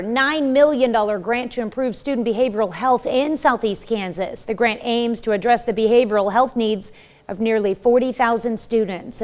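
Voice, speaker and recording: A woman anchoring a morning TV newscast, reading stories in a crisp newsreader delivery. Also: on the high side. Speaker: news anchor. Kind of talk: read news broadcast. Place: TV news studio.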